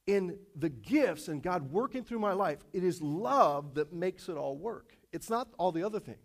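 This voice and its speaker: High-voiced animated male preacher. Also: normal speed, gravelly. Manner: casual, animated storytelling with jokes. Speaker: pastor. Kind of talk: sermon.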